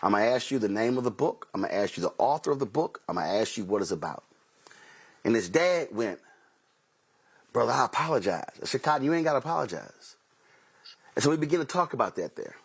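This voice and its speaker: A man's voice: mid-range voice, sing-song, fast talker, slightly rough. A man hosting a talk show, telling anecdotes in an emphatic commentary monologue and acting out dialogue as he quotes himself and others. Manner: emphatic, repeats key phrases. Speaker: host.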